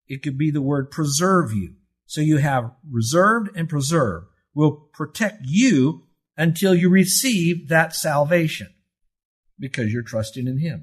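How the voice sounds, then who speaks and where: Older pastor preaching, husky voice. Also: male voice, fairly high pitch. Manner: emphatic, asks and answers his own questions. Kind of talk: sermon.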